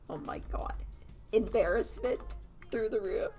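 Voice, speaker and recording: A woman's voice: mid-range voice, measured pace, a bit bright, soft background music. A woman from Canada chatting casually on a live stream while she draws, rambling and laughing at herself as she answers chat. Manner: rambling, giggly, self-mocking, talks to chat. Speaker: streamer and animator.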